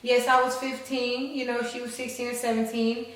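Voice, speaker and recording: A woman's voice: on the high side, little pitch movement, moderate pace, a bit bright. A woman in her twenties tells a story to her viewers in a frank, profane and dramatic way, calling them y'all. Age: 20s. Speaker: vlogger. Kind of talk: casual storytelling. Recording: echoey room, distant mic.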